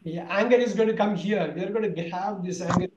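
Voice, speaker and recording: Male teacher, high-pitched, roomy echo; drills word families and quizzes the class. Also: fairly quick, muffled recording, very noisy. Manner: drilling, repeats words, quizzes students. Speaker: English teacher. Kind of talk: online vocabulary lesson.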